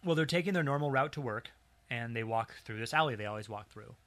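Bright-voiced man telling a story casually. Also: medium pitch, quick pace. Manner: relaxed, recounts a strange story with dry humor. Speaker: podcast co-host.

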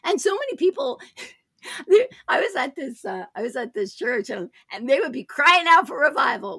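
A woman hosting a faith talk show, telling spiritual stories in an emphatic way, jumping into loud, high voices when she quotes people. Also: sing-song, normal speed, vocal fry, no room sound, clean studio sound. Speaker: host. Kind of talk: animated charismatic testimony chat.

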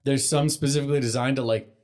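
A young man co-hosting a casual podcast, swearing freely and rambling as he recaps a cartoon episode, jumping into quick character voices. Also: medium pitch, fairly even intonation, darkish tone. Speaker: podcast co-host.

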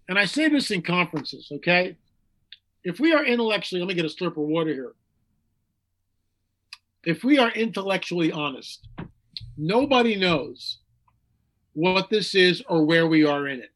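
A man's voice: high-pitched, a bit bright. A man from the United States, speaking as a guest in an interview with emphatic repetition and mocking quoted voices. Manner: emphatic, repeats phrases for effect. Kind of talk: animated interview talk.

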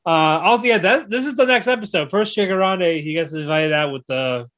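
A man with a slightly raised voice trades quick remarks in a casual anime chat. He corrects names, agrees often, and laughs along. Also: sits high, fairly bright tone. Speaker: podcast co-host.

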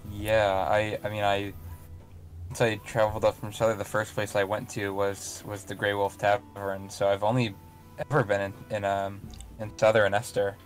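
A man's voice: on the low side, flat delivery, moderate pace, soft background music, lightly acted. A man playing a stammering first-time traveler. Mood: curious. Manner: hesitant, filler-heavy, stammering. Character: hesitant young traveler on first journey. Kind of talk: in-character tabletop role-play.

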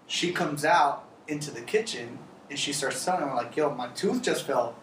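A man's voice: on the high side, normal speed. A young man hosting a casual chat, swearing and acting out other people's lines. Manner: animated, profane, acts out quotes. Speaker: host. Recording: roomy, distant from the mic, faint hiss.

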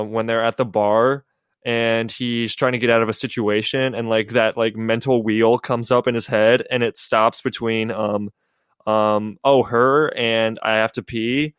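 A man's voice: mid-range voice, takes it slowly, clear, resonant tone, no echo, studio quality. Chatty man retelling film jokes. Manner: retells movie jokes with many fillers and laughs. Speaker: podcast co-host. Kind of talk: casual chat. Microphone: video call.

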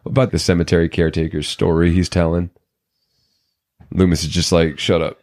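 A man chatting casually about a movie, retelling scenes in a mocking, animated way. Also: sits low, brisk.

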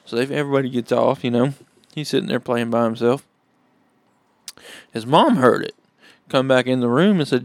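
A man's voice: medium pitch, moderate pace, long pauses, no room sound. A man on a casual podcast, telling raucous, profane jokes with relish. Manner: joke teller, raucous and profane.

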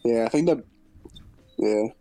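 A man co-hosting a podcast, relaxed as he reads out listener questions. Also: medium pitch, unhurried, no echo, low-quality recording. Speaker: podcast co-host. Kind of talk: casual chat.

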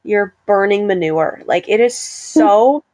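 A woman's voice: mid-range voice, lively intonation, slow, darkish tone, dry recording. Chatty, playful young woman. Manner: chatty, playful, laughs often. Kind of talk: casual chat.

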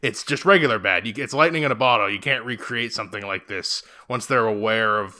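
A man with a bright, forward tone talks loosely about films. He rambles, restarts sentences and leans on fillers as he hosts a relaxed chat with friends. His delivery stays casual and conversational. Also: lowish voice, brisk. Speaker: podcast host. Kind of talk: casual movie discussion.

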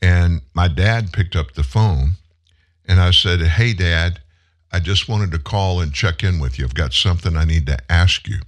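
A man in his seventies hosting a show, telling a personal story in an earnest, heartfelt way and pausing for emphasis. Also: sits low. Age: 70s. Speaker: show host. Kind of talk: personal monologue on a live commentary show.

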